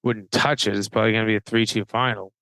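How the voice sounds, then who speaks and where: A man co-hosting a casual hockey betting chat, talking haltingly and restarting his sentences often. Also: lowish voice, fairly even intonation, bright, forceful tone, dry recording, poor audio. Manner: halting, hesitant, many restarts. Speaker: podcast co-host, hockey writer. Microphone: remote call mic.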